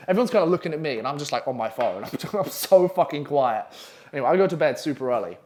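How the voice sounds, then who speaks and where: Guy in his 20s ranting a story, swears a ton, slightly high voice, loose and rambly. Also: fast talker. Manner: profane, animated, rambling with frequent fillers. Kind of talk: casual storytelling to camera.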